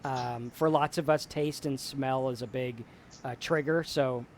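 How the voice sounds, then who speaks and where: A man's voice: mid-range voice, steady tone, measured pace, a little mellow, slight background noise. A male host reflectively telling stories in a casual talk about staying sober. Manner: reflective, storytelling. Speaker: show host.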